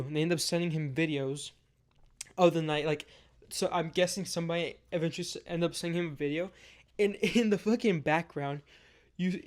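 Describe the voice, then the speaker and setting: A young man recounts a wild night in a loose, conversational storytime. His voice sits a little on the high side, and he leans on filler words and casual swearing as he rambles forward.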